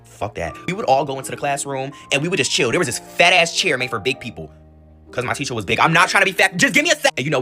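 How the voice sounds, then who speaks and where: A young man telling a school story in a casual, animated and profane way, rambling off on side notes. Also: medium pitch, racing, soft background music.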